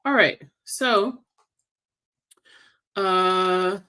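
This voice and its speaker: A woman leading a casual team livestream in an unhurried, drawn-out way. She chats and teases her team as she reads their answers. She thinks out loud while working through the numbers. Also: lowish voice, expressive. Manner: chatty, teasing, thinks aloud while working sums. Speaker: sales team leader.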